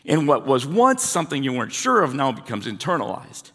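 A middle-aged man preaches in an easy, conversational way and keeps putting questions to the people in front of him. His voice sits at an ordinary mid pitch. The sound carries the long reverb of a large hall. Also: big pitch swings, brisk, fairly bright tone. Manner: conversational, asks the congregation questions. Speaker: pastor. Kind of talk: sermon. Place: church hall.

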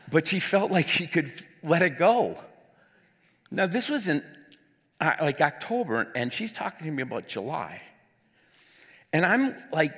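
A man's voice: a little high, fairly bright tone, husky. A man, a pastor, telling a personal story during a sermon in an earnest, heartfelt way. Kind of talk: sermon testimony. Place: church auditorium. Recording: long hall reverb.

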